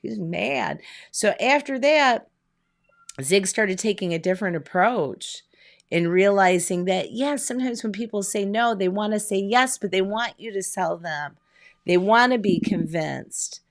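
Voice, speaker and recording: A woman business coach giving a motivational online talk from home, energetic and conversational, firing off rhetorical questions. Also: medium pitch, measured pace, vocal fry.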